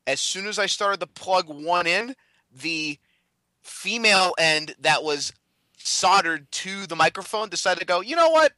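A man co-hosting a podcast, telling a rambling, halting story in casual banter. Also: high-pitched, bright, forceful tone, dry recording. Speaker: podcast co-host.

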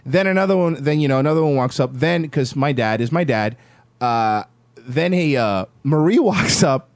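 A man in his thirties, a podcast host telling a story in casual chat, animated and laughing. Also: on the high side, moderate pace, dry recording. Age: 30s.

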